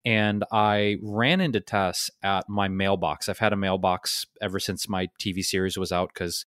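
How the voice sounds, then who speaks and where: A man co-hosting a podcast, telling a long story in a relaxed, rambling way with fillers. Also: sits low, normal speed, clean tone, dry recording, clean studio sound. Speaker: podcast co-host. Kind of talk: casual storytelling.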